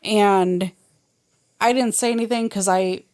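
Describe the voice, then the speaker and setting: A woman with a mid-range voice talks on a casual podcast. She recounts her experience plainly and steadily, without rushing. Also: mid-range voice, steady tone, a little mellow. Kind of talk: casual storytelling chat.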